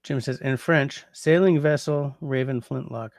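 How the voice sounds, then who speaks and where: A man hosts a relaxed livestream, chatting with viewers and musing over how to put phrases into French. His voice has a gravelly edge. The sound is close and dry, with no room around it. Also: mid-range voice, a little slow, no echo. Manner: muses aloud, trying out French translations. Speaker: livestream host. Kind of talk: casual livestream chat reading comments.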